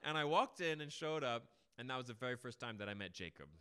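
A young man preaching a sermon, telling stories emphatically and dramatically, with big swings in loudness. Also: medium pitch, expressive, fast talker, heavy background noise.

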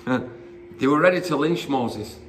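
A man's voice: medium pitch, expressive, normal speed, faint music behind. A man preaching an informal sermon, conversational and rambling with fillers and asides as he retells Bible stories.

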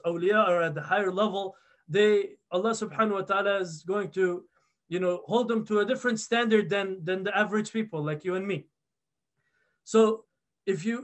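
High-voiced man telling a lively sermon story. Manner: animated storytelling, acts out quoted voices; conversational, many repeated words and "right?" asides. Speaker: preacher.

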